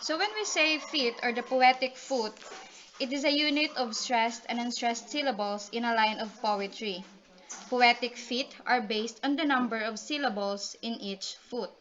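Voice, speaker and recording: A woman's voice: on the high side, moderate pace, a bit bright, slight background noise. A woman giving a class report on poetry and calling on classmates by name. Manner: explanatory, calls on classmates by name. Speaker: student reporter. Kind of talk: class presentation. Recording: dull lo-fi recording.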